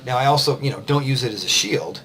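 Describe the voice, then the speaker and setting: A man's voice: medium pitch, quick pace, a bit bright, slight background noise. A man, a confidence coach, giving casual, rambling advice to the camera while a bit tired. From United States. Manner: conversational, loose, with fillers and restarts.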